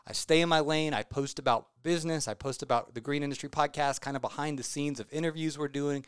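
A man's voice: on the high side, fairly even intonation, quick pace, clear, resonant tone, no echo, clean studio sound. Rambling easygoing male podcast host. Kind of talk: casual podcast talk with ad reads. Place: studio.

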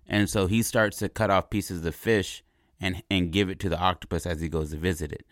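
Deep-voiced guy rambling thru a movie pitch, keeps saying right?, dry close sound. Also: brisk, dry recording. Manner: rambling and animated, repeats words, asks "right?". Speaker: podcast host pitching a movie idea. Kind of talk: casual storytelling.

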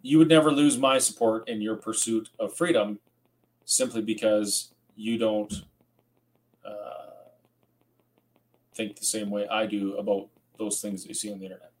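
A man's voice: lowish voice, steady tone, measured pace, long pauses, low-quality recording. A tired man hosting a rambling late-night livestream, reading out viewer comments and chatting casually. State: tired, yawning. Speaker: host.

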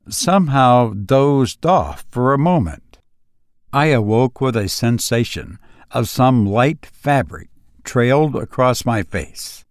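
A man narrating a first-person story in a calm, measured reading voice. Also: medium pitch, no room sound, studio quality.

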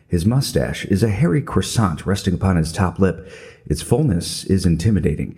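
A man's voice: sits low, animated, normal speed, warm tone. A middle-aged man telling a scripted comedic story in a wry, self-mocking way. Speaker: podcast narrator.

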